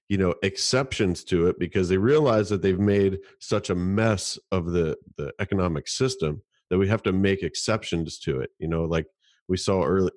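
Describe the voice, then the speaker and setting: A man with a low voice explains ideas in casual podcast chat. He often repeats a word while he finds his next thought. The recording is dry and close-miked. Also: darkish tone, no echo. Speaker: podcast co-host.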